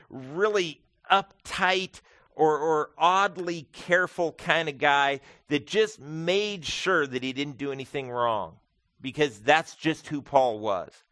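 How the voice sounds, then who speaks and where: A man's voice: a little high, a bit bright, dry recording, clean studio sound. A man preaching an expository sermon as pastor, earnest and emphatic, often repeating phrases for weight. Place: church.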